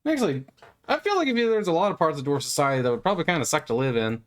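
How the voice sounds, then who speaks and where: A man's voice: a little high, big pitch swings, rapid-fire. A man gives rambling gameplay commentary while playing, talking in a playful, meandering way with stammers and lots of fillers. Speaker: gamer.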